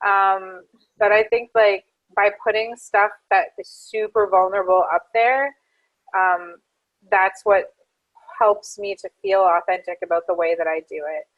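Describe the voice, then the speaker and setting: A Canadian woman joins an interview by video call. Her voice sits in a middle pitch, and she talks in a thoughtful, heartfelt way, leaning on casual fillers. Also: steady tone, a little slow, lo-fi sound. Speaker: social worker and activist guest.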